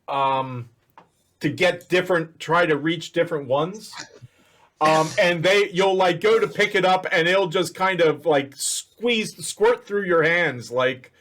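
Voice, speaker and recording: A man's voice: a little high, a bit bright. A man running a tabletop game as game master, narrating a chaotic scene with many restarts and corrections. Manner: rambling, self-correcting narration.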